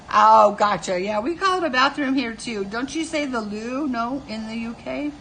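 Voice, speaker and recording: A woman's voice: fairly high pitch, a bit bright, slight background noise. A middle-aged woman hosting a casual live stream, telling family stories with frequent laughter and answering viewers' comments.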